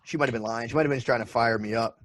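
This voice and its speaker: A man's voice: mid-range voice, rapid-fire. A man in his thirties telling rambling, profane stories in a casual podcast chat. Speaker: podcast co-host.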